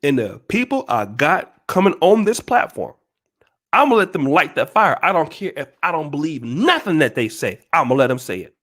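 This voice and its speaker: Animated, profane ranting man. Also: fairly high pitch, normal speed. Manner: emphatic, profane, repetitive, preachy. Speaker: channel host. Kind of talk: ranting commentary to viewers.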